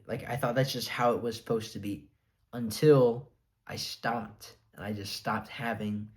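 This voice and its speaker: Earnest rambling young man vlogging. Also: mid-range voice. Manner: rambling, filler-heavy, earnest and a bit defiant. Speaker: vlogger sharing his diet experience. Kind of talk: casual talking-to-camera monologue.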